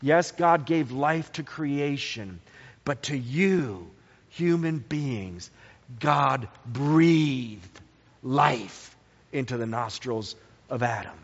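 Slow, emphatic preaching man in a hall. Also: animated. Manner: slow, emphatic preaching with sweeping pitch swings. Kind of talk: sermon. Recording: dull lo-fi sound in a reverberant hall.

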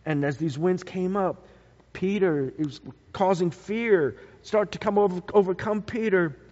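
A high-voiced man preaches slowly and deliberately, swinging between loud and hushed tones. His sermon carries a long hall reverb. The recording sounds dull and lo-fi.

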